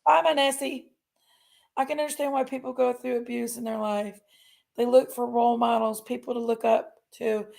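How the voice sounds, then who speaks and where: Woman, livestream host, gravelly fry, folksy rambling delivery. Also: fairly high pitch, a little mellow. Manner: rambling, folksy, talks to chat. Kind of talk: casual livestream chat.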